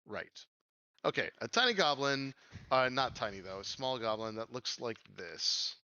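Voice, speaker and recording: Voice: medium pitch, expressive, moderate pace, bright, forceful tone, no echo, highs cut off. A game master narrating a tabletop game in a rambling, filler-heavy way.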